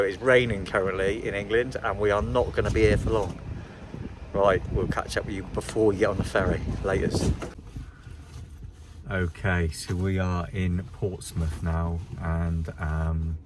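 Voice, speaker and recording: A man chatting casually as he vlogs a fishing trip, joking around in a relaxed way. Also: on the low side, a little fast. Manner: chatty, jokey, laid-back. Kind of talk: casual vlog chat. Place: outdoors and in a car. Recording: lo-fi with noise.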